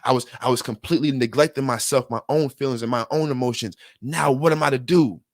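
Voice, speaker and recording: Talking fast in a mid-range voice, a man gives an earnest motivational self-help talk directly to the listener. He uses casual slang, repeats himself often, and gets worked up. The studio-quality recording has no room sound.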